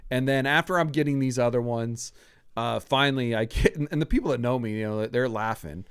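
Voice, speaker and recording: A man in his sixties hosting a podcast, telling a story from his own life in a casual, animated way, acting out what people said and often laughing. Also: mid-range voice, a little fast, clean tone, no room sound, studio quality. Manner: animated, acts out quoted lines, laughs often.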